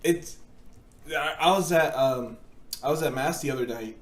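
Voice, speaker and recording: A man's voice: mid-range voice, normal speed. A young man co-hosting a casual podcast chat, telling stories with frequent laughter and fillers. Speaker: podcast co-host. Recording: echoey room.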